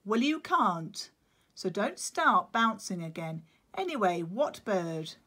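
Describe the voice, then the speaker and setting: A woman's voice: medium pitch, big pitch swings, slow pace, bright, forceful tone, husky, full character voice. A woman reading a story aloud, voicing a fussy, protective father penguin who scolds and explains. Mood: fussing.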